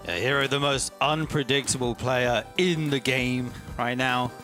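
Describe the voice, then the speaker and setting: A man's voice: medium pitch, steady tone, unhurried, bright, forceful tone, soft background music. A man casting a live esports match, playful and joking between calls. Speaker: esports caster. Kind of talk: live game commentary.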